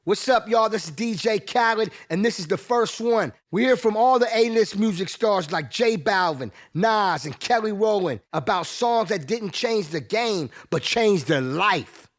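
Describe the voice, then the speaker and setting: Hyped guy doing a podcast ad, high and pumped up. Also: a little slow, hardly any pauses. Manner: hyped, energetic. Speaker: podcast promo host. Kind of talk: ad read.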